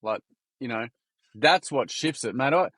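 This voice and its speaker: A man, telling stories in a casual interview in a blunt, matey, energetic way. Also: mid-range voice, unhurried, slightly rough, dry recording. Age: 40s. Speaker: guest, workshop founder.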